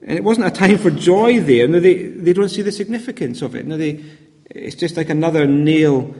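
A man delivers a sermon in a loose, conversational way, stumbling over words and repeating himself as he goes. His voice sits high for a man. The sound rings with a long hall reverb, as in a church. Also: moderate pace, darkish tone. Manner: conversational, hesitant with fillers and repeats. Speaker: preacher.

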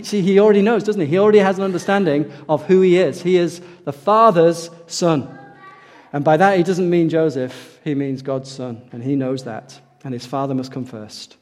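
A fairly high-voiced man preaches to his congregation with lively swings in intensity, pushing some phrases up loudly and letting others fall to a near hush. He often turns questions to the room. His voice carries a long echo through a church hall. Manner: animated, rises for emphasis and drops to a hush, asks the audience questions. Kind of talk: sermon to a congregation.

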